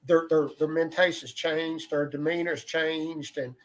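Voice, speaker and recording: Man in his 60s, slightly higher pitch, rambling conversational co-host. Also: flat delivery, a little slow. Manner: rambling, repeats words while thinking aloud. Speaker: podcast co-host, emergency medical veteran. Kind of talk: casual conversation.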